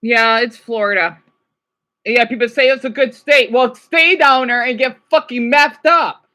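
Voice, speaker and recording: A woman livestreaming, reacting to videos and chat, swinging between furious rants and quiet apologies. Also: on the high side, a little slow.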